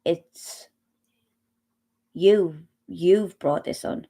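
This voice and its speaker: Woman, middle-aged, low-ish pitch, very slow pace, halting, personal account. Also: fairly even intonation, a little mellow. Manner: slow, halting, with long pauses and restarts. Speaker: speaker sharing personal experience. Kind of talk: personal testimony talk.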